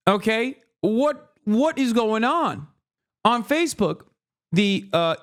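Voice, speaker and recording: A man streaming live reaction commentary, ranting sarcastically and with a lot of profanity. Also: very high voice. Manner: fast, heated, animated delivery. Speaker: streamer host.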